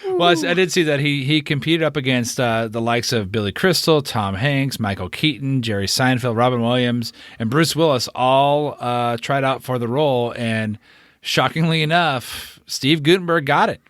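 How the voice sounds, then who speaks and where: A man's voice: medium pitch, moderate pace, a bit bright, no echo, clean studio sound. A man co-hosting a podcast in a laid-back, casual way, laughing easily and tossing in short agreeing replies. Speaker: podcast co-host.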